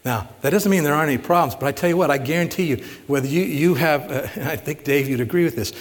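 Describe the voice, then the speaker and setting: A man's voice: a little high, quick pace. A male pastor giving a conversational sermon, asking the congregation rhetorical questions and retelling stories with emphasis. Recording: long hall reverb.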